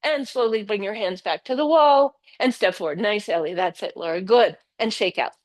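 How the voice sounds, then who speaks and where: An older woman teaching a yoga class, giving steady cues and praising students by name. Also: mid-range voice, moderate pace, dry recording. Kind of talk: live yoga class instruction. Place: yoga studio.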